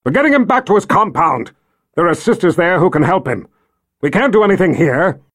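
Brutal commander, high strained bark, put on by a male narrator. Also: very animated, brisk, heavily acted. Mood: commanding. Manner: shouting orders. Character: gruff brutal male army commander, barking.

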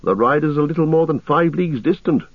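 A man voicing a keen-eyed young male elf who speaks brightly and precisely. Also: a little high, quick pace, dry recording, voice pushed up. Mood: eager, keen. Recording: tinny narrow-band radio sound.

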